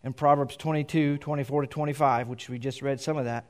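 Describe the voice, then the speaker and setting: A middle-aged pastor preaching in a church, reading scripture aloud and explaining it in a loose, conversational way. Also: male voice, mid-range voice, fairly even intonation, quick pace. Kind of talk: sermon. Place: church sanctuary.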